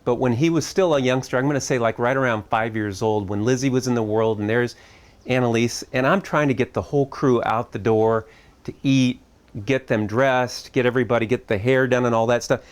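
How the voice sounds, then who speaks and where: A middle-aged man giving a reflective talk at a camp. His voice sits at an ordinary pitch. He speaks conversationally, posing thoughtful questions with a touch of humor. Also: a little fast, smooth.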